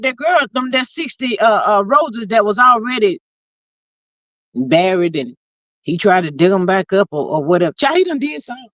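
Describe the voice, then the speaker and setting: A woman hosting a casual livestream, reading viewer comments aloud and telling stories with big pitch swings, drawn-out exclamations and frequent laughter. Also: a bit bright, no echo. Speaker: livestream host. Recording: dull lo-fi, dry sound.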